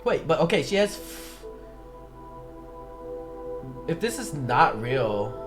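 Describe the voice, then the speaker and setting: A man reacting to a music video, with excited outbursts and halting reading of a fan theory aloud. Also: on the high side. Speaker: YouTube reactor. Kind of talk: casual reaction commentary. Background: music video playing clearly.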